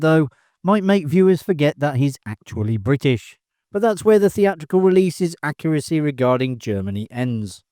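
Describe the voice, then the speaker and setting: A man narrating a movie trivia video in an even, measured scripted delivery. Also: mid-range voice, clear, resonant tone, no room sound, clean studio sound.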